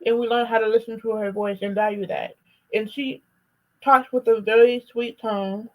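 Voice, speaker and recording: Young woman, kinda high voice, soft-spoken and casual, lots of ums. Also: fairly even intonation, moderate pace, low-quality recording. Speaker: guest, daughter of the speaker. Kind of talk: casual conversation.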